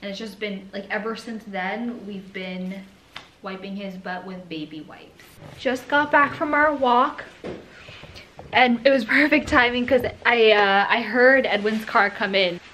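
A woman's voice: medium pitch, unhurried, pushed and bright, slight background noise. A woman filming a casual home vlog, often laughing and cooing baby talk to her dog. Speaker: vlogger.

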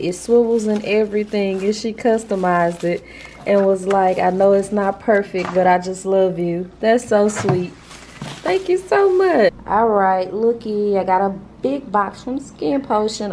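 A woman's voice: medium pitch, moderate pace, warm tone, slight background noise. A woman, chatting casually and gushing to viewers as she unboxes gifts for her vlog, filmed on a handheld camera. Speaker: vlogger.

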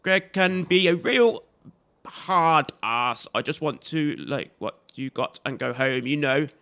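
Bright-voiced chatty gamer man. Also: a little high, lively intonation, slow pace. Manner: chatty, jokey, scolds enemies on screen. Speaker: gaming video host. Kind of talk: let's play commentary.

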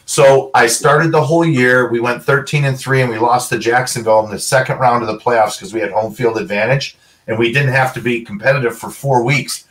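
A middle-aged man, a former football player, recounts his career in a casual, animated way. His voice sits in the middle range and he jumps into the voices of the people he quotes. He sounds slightly distant from the microphone. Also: medium pitch, brisk, few pauses. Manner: animated storyteller, acts out quoted dialogue. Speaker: interview guest, former pro football player. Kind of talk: casual storytelling.

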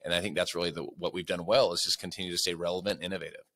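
A man's voice: low-pitched, steady tone, racing, fairly bright tone. A man as a podcast guest, telling a story with energy and closing with a motivational speech. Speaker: guest, sales leader.

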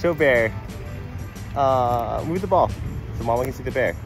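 Male dad vlogger, relaxed pace, lively playful sing-song delivery, background music. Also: mid-range voice, measured pace. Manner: playful sing-song baby talk, laughs often. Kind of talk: casual family vlog chat. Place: inside a big warehouse store.

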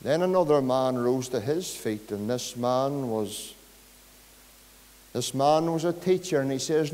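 In a church with long hall reverb, a male pastor with a Northern Irish accent preaches, telling a story that builds into fervent pleading with his listeners. His mid-range voice is animated and a little mellow, at a measured pace.

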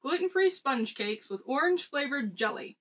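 A chatty American woman co-hosting a casual snack-tasting vlog. Her voice sits a little high, and she tells stories with quick asides. She laughs often as she talks. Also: animated, fairly bright tone, poor audio. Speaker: vlog co-host.

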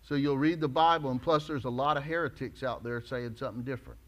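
A male pastor preaching a sermon emphatically, rising to loud declarations and dropping low. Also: quick pace.

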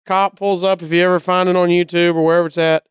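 A man from Alabama with a Southern drawl spins a story in casual talk, slipping in quick voices for the people in it. His voice is very smooth and clear, sitting a little high, and the sound is dry and close. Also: no echo. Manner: animated anecdotes, acting out the voices of people in the story. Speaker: comedian guest.

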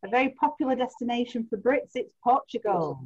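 A woman hosts a quiz night over a video call, reading out the answers chattily and laughing easily. Her voice is a little high, with lively intonation and a fairly quick pace. Crowd noise comes through the muffled lo-fi call audio.

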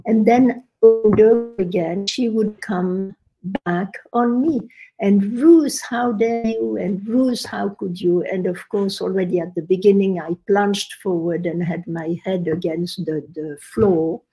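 An older woman telling a personal story in a podcast conversation, with lively quoting of what others said. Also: medium pitch, a little slow, slightly rough, rough recording. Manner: animated storyteller, quotes others with rising emphasis. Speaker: podcast guest.

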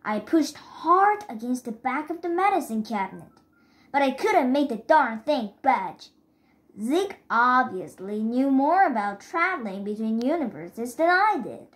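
A woman reading a children's chapter book aloud in careful, steady first-person narration. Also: high voice, unhurried. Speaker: reader.

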